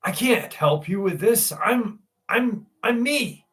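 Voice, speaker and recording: A man voicing his confused, delirious elderly father in an earnest, rambling way, pitched higher than his own voice. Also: animated, takes it slowly, fairly bright tone, heavily acted.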